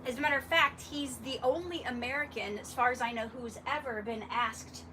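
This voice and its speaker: A woman telling a lively story at a memorial gathering, laughing often and acting out the dialogue. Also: high-pitched, fairly quick. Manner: animated, laughing, acts out dialogue. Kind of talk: storytelling tribute. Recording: distant mic with clear background noise.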